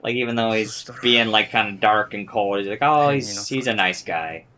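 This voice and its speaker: A man's voice: lowish voice, normal speed. A young man casually reacting to a show episode, swearing often and laughing a lot. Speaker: reaction video host. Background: episode audio with music.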